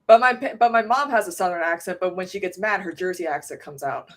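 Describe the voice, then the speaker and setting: A woman's voice: fairly low pitch, fast talker. Wry, slightly tipsy American woman. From United States. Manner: wry, joking. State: a little tipsy. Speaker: podcast panelist. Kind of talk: casual podcast chat.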